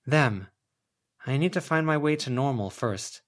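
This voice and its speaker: A man voicing a tired, practical young woman in an audiobook reading, firm and quietly weary. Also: mid-range voice, expressive, a little slow, pitched above the performer's own voice, natural voice.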